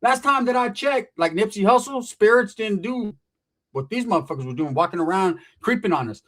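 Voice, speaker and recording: A man spinning a wild tale in casual, profane talk. His voice sits a little high for a man, and he keeps slipping into acted quotes before jumping back to the story. He swears freely and never lets the story stall. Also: animated, brisk, fairly bright tone.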